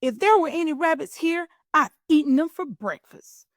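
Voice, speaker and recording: Woman doing a fox, gruff, greedy, boastful, loud, storybook. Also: sits high, animated, normal speed, no echo, clean studio sound, voice pushed up. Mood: gloating.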